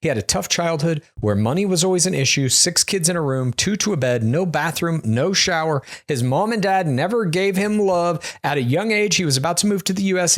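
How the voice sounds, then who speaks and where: A man co-hosting a podcast, recapping a reality show in a casual, joking way. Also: a little high. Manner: joking, quotes cast members in silly voices. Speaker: podcast co-host.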